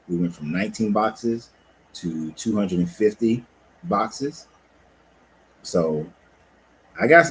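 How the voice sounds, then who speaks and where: A low-pitched man chats loosely and profanely from his cigar lounge, laid-back but animated. A faint hum of background noise sits under his voice. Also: rough recording. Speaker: life coach and cigar lounge owner. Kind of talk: casual livestream talk.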